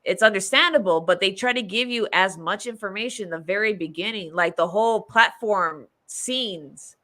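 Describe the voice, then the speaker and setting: A woman's voice: mid-range voice, moderate pace, sharp tone. A woman hosting a podcast, chatting casually and rambling through a movie review, laughing often. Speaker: podcast host.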